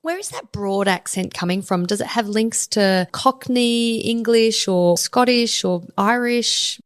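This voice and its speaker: A woman's voice: a little high, measured pace, no room sound. An Australian woman hosts an interview, posing curious questions and chuckling now and then. Her voice is recorded close and dry, with no room sound around it. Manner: inquisitive, chuckles while asking. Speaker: interview host.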